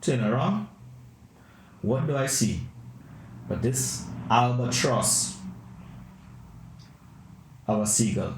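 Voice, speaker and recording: A man hosting a podcast who tells rambling, animated comic anecdotes. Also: medium pitch, slow pace, long pauses, background noise. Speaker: podcast host. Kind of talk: comedic storytelling. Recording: roomy echo.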